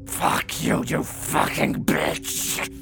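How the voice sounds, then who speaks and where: A furious drunken father, as a male narrator puts him on, his voice thick, abrasive and slurred, snarling his words. The voice is deeply gravelly and bright-edged, swinging wildly in pitch while dragging slowly. Faint music plays behind. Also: wildly swooping pitch, heavily acted. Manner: snarling and shouting. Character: drunken, enraged middle-aged father, menacing.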